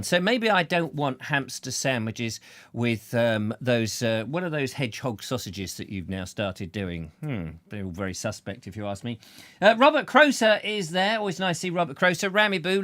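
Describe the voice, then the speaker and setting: A male host greets his viewers one by one and rambles through silly jokes. His voice sits a little high and swings widely in pitch. The sound is dry and close to the mic. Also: sing-song, normal speed, fairly bright tone, no echo. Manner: rambling, jokey, full of silly asides. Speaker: show host. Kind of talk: live chat show greeting viewers.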